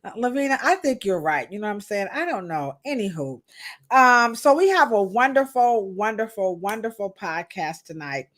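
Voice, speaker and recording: A woman's voice: medium pitch, big pitch swings, moderate pace, fairly bright tone. A woman in her thirties hosting a live podcast, chatting playfully and greeting viewers in the chat. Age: 30s. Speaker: podcast host. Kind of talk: casual livestream chat.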